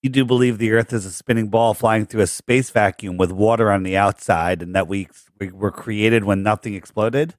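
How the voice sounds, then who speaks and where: A podcast guest with a fairly low male voice, making his case bluntly and confidently. He sounds combative and sure of himself, recorded close and dry. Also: steady tone, normal speed, few pauses, no echo. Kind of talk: casual debate.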